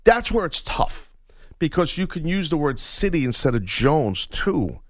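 A man's voice: a little high, big pitch swings, a little slow, dry recording. A man with a Southern US accent hosting sports radio in a studio, joking and boasting playfully. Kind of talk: casual radio banter. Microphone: studio mic.

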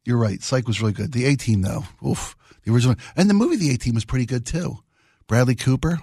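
A middle-aged man talks on the radio in a loose, rambling way, piling up half-finished thoughts with real enthusiasm. His voice has a slightly husky edge. It is close-miked and dry, with no room sound. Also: medium pitch, animated, quick pace, warm tone, no echo. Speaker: radio host. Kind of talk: casual radio chat. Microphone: studio microphone.

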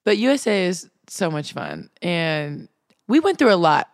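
A woman's voice: fairly low pitch, measured pace. A young woman in her twenties hosting a podcast, telling stories in a casual chat and laughing often. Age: 20s. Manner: laughing, animated storytelling. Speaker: podcast host.

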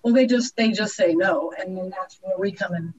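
A woman's voice: mid-range voice, moderate pace, a little mellow, husky. Woman lender guest, upbeat, slightly dull radio sound. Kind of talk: radio interview.

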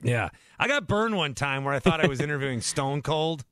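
A man's voice: fairly high pitch, animated, a little fast, fairly bright tone, dry recording. A male sports radio host talks on a dry studio mic. He is chatty and casual, laughing along with callers and often restarting his sentences as he goes. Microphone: studio microphone.

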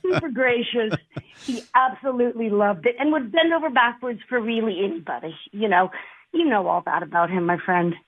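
A woman calling into a radio show who tells joking stories in a lively way. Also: fairly high pitch, fairly quick. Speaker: caller. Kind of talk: call-in radio chat. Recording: tinny phone line.

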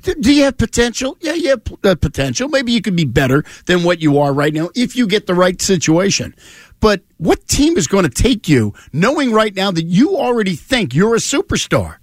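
Brief: high, lively male co-host, dry close mic, scornful and emphatic. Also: moderate pace, no room sound. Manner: scornful, emphatic, reads stats. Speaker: sports talk show co-host. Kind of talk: heated casual sports chat.

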